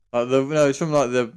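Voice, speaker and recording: A man's voice: mid-range voice, darkish tone, smooth. An Englishman co-hosting a podcast in casual chat, easygoing and agreeable, laughing along with his co-host.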